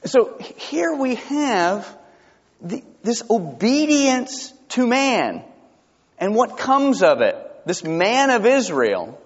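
Male pastor, emphatic sermon, lively rising and falling pitch, muffled lo-fi sound, long church reverb. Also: slow, slightly rough. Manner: animated, emphatic preaching with repeated restarts.

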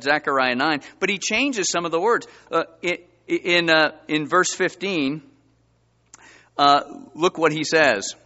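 A pastor delivering a sermon in a lively, emphatic way, often jumping up in pitch as he reads scripture aloud. His voice is bright and slightly higher than usual. The recording is a little dull and lo-fi. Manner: animated preaching, rising emphatic pitch and reading scripture aloud.

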